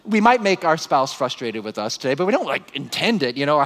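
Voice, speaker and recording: A man giving a conversational, animated Bible talk to a live conference audience, with frequent asides. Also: a little high, brisk, long reverb tail. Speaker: conference speaker.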